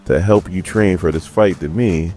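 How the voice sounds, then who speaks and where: A man voicing a grim, stubborn male vigilante, curt and flat, in his own low voice. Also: normal speed, soft background music, natural voice.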